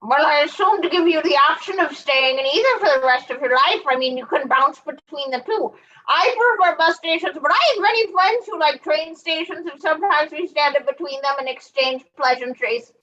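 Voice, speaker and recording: A woman improvising an eccentric woman who lives at the bus station, chatty and rambling in a deadpan way. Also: sits high, normal speed, lo-fi sound. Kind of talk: improv comedy scene.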